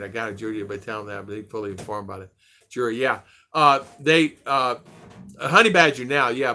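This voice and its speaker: A man's voice: fairly low pitch, pushed and bright, slight background noise. An older man, host of a casual chat stream, rambling through a story and acting out the quoted dialogue with animation.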